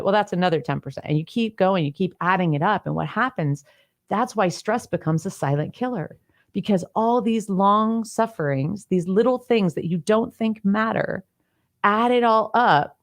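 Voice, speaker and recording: A middle-aged woman coaching on clutter in a solo teaching talk, explaining step by step with everyday examples and acting out quoted lines. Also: moderate pace. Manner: acts out quoted lines with bigger pitch swings. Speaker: decluttering coach.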